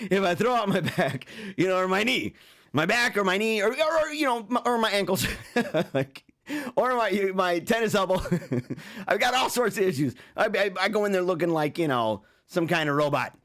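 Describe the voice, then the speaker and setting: Lively high-voiced man hosting a talk show. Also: moderate pace. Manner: joking, animated storytelling with frequent chuckles. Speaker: show host. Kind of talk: casual monologue commentary.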